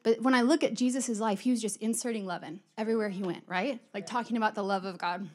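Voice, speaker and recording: A woman's voice: medium pitch, fast, a little mellow. A middle-aged woman giving a conversational sermon, chatty and storytelling, acting out quoted exchanges. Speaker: church speaker.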